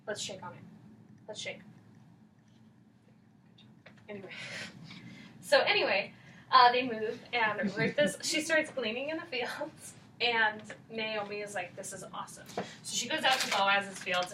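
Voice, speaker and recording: A woman's voice: medium pitch, unhurried, pauses often. A woman casually retelling a Bible story with slang and giggles, directing someone acting it out. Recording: distant mic, faint background noise.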